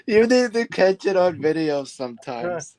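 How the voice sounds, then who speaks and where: A man's voice: high voice, very animated, a little slow, darkish tone. A man hosting a casual chat, who laughs often and reacts in short bursts.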